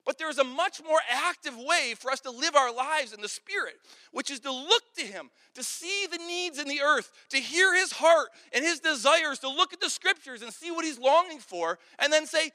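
High-voiced man preaching in a hall. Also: normal speed, hardly any pauses. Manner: earnest storytelling, repeats words when excited. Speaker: pastor. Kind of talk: sermon. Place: large hall with an audience. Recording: long hall reverb.

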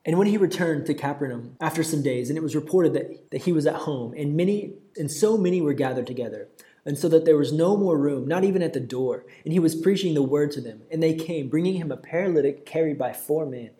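Impassioned male preacher, mellow voice. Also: a little high, fairly quick. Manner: impassioned, builds to loud cries when quoting. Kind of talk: sermon.

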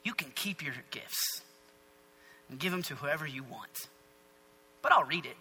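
A man's voice: high voice, expressive, a little fast, bright, forceful tone, in a large hall, full character voice, poor audio. A man playing a blunt, fearless prophet. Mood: calm. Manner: dry, offhand, blunt. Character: bold calm prophet, adult male.

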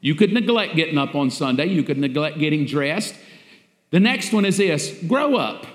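A man with a slightly high, animated voice preaches as a pastor at a moderate pace, repeating himself for emphasis and asking the congregation rhetorical questions. The echoey hall of a church sanctuary surrounds him.

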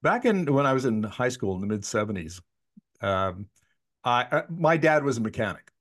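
A man's voice: medium pitch, big pitch swings, normal speed, fairly bright tone. A man in his sixties interviewing a guest in a chatty, anecdotal way, often restarting his sentences. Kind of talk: conversational interview.

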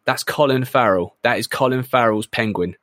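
A man co-hosting a casual film podcast, excited and sweary, rambling between points. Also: mid-range voice, normal speed, no room sound, studio quality. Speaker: podcast co-host.

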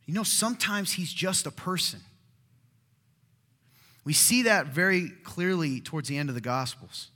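A male pastor preaching a sermon in a conversational, animated way, sometimes dropping to a hushed voice. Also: on the high side. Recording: long hall reverb.

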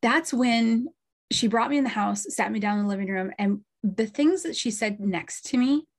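A woman's voice: on the high side, normal speed. A middle-aged woman, a medium and podcast host, telling a story in a chatty way with asides and small laughs. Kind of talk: storytelling monologue.

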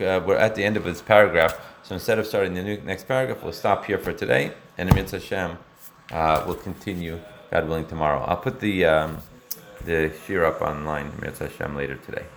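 A man's voice: low voice, brisk, slight background noise. Man teaching a Torah class. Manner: explanatory, mixes Hebrew terms into English, asks rhetorical questions. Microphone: recorded for an online class.

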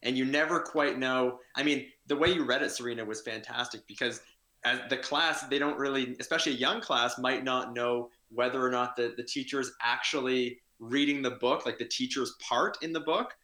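A man's voice: mid-range voice, normal speed, sharp tone, reverberant. A man co-hosting a casual book chat, thinking aloud as he talks. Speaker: podcast co-host.

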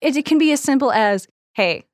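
A woman's voice: mid-range voice, expressive, moderate pace, no room sound. A woman co-hosts a casual podcast and answers a listener's question. She gives thoughtful, encouraging advice at an easy pace. The recording is dry and close to the mic. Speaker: podcast co-host.

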